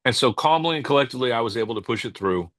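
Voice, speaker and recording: A man, a cigar company owner and podcast guest, telling stories in a casual interview, halting and restarting as he searches for words. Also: medium pitch, dry recording. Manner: calm, unhurried anecdote telling.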